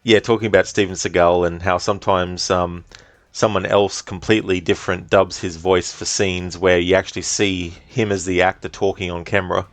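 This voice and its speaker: Speaking low at a moderate pace with no echo, a man chats casually while streaming a game. He reads the chat out loud, laughs a lot, and drops the occasional swear word in his relaxed manner.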